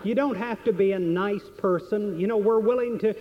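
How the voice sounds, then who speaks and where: A man quoting a pleading, hushed waitress. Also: high-pitched, moderate pace, muffled recording, voice pushed up, lightly acted. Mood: insistent. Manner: pleading, insistent. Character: apologetic hushed adult female waitress.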